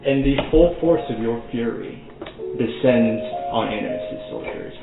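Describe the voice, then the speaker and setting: A man as game master, narrating a tabletop game to the players in a slow, hushed, dramatic second-person voice, over tinny, echoey audio. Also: mid-range voice, vocal fry, music in the background.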